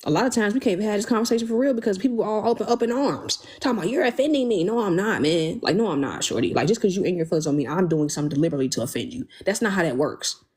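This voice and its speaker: Husky-voiced woman ranting on a livestream. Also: mid-range voice, rapid-fire, few pauses. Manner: animated, emphatic, slangy, reads and thanks viewers. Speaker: livestream host. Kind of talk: casual livestream talk.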